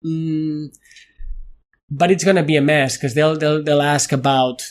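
A middle-aged man with a Spanish accent, speaking as a guest in a thoughtful interview, animated, often restarting his sentences and laughing at himself. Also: on the high side, a little slow. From Spain. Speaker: guest, neuroscientist.

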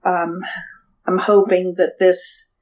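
Slow, hesitant woman recounting memories. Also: lowish voice, little pitch movement, a little mellow. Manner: hesitant, halting with restarts and fillers. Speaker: guest. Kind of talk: personal storytelling interview. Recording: dull lo-fi sound.

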